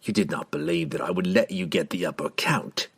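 A man's voice: fairly quick, slightly rough, no echo. Man growling as a cold, menacing assassin. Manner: low growling delivery.

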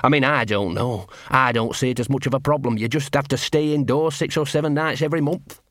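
A man's voice: mid-range voice, fairly quick, fairly bright tone, dry recording, clean studio sound, lightly acted. A man voicing a scruffy, nervous small male dog who rambles in ungrammatical street talk, repeating himself.

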